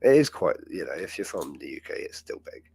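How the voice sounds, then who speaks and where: A man's voice: sits low, very animated, a little fast, darkish tone, breathy edge. A man hosting a live chat show, talking in a rambling, chatty way and laughing often. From England. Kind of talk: casual live-stream chat.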